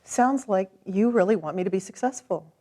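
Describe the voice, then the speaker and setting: Woman practitioner, mid-pitched, calm and gently directive, guiding a tapping session. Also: normal speed.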